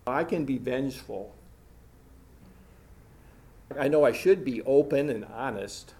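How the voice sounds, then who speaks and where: A man's voice: mid-range voice, takes it slowly, a little mellow. A man preaching a sermon, talking to the congregation with emphatic repetition.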